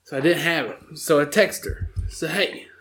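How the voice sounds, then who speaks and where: A man, co-hosting a podcast and telling a story in an animated, laughing way. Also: on the high side, moderate pace, a little hiss or hum. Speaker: podcast co-host. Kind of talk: casual storytelling chat.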